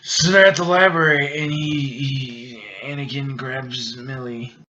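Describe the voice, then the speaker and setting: Drunk guy, halting rambling plot retelling, bright sharp voice, muffled lo-fi recording, light hiss. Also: mid-range voice, fairly even intonation. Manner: halting, rambling, many restarts and fillers. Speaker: video host.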